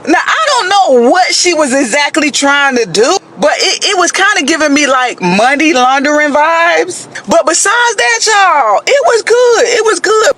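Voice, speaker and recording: A man with a strikingly high, bright voice tells a bad-date story straight to his listeners. His pitch leaps around as he piles on dramatic asides, and a faint hiss sits under the recording. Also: lively intonation, a little slow, few pauses. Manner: chatty, addresses listeners as y'all, dramatic asides. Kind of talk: animated casual storytelling to viewers.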